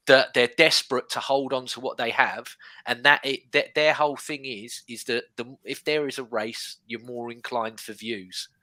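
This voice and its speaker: A man's voice: mid-range voice, sharp tone, no echo. A man in his thirties co-hosting a football podcast, explaining in long run-on sentences. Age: 30s. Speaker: podcast co-host. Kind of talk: casual football chat.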